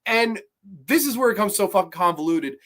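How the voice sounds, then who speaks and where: A man's voice: high voice, a little fast. A man hosting a horror movie review show, talking casually, swearing often and acting out scenes as he rambles through the plot. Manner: animated, swears often, acts out scenes in quotes; rambling with restarts and asides. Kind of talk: casual film review podcast.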